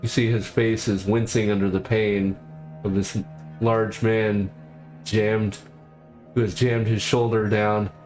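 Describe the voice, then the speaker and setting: A man running a tabletop game as game master, narrating in a halting way with frequent fillers. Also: fairly low pitch, flat delivery, darkish tone, faint music behind.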